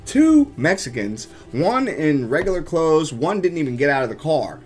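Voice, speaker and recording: A man with a slightly raised voice tells his story straight to camera in a loose, chatty way. He is animated and keeps turning to his viewers as "guys". Faint music sits under his talk. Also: a little high, moderate pace. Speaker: vlogger and urban explorer.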